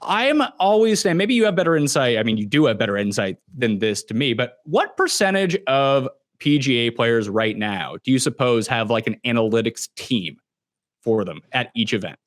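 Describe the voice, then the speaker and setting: A Canadian man talking casually about fantasy golf in animated, emphatic bursts. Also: mid-range voice, normal speed, no echo, studio quality. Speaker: podcast guest, fantasy golf analyst. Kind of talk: casual chat.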